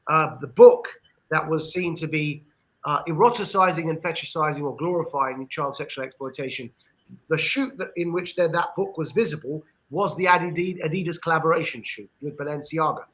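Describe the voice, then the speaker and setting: A man with an English accent giving an earnest discussion monologue on a podcast, with frequent pauses and restarts. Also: fairly high pitch, a bit bright, poor audio. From England. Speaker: podcast panelist.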